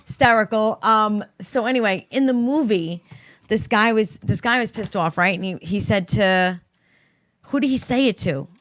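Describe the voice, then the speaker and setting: A middle-aged woman telling stories in casual chat, profane and animated, acting out what people said. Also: medium pitch, moderate pace, dry recording. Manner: profane, animated storytelling with acted-out quotes. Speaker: podcast co-host.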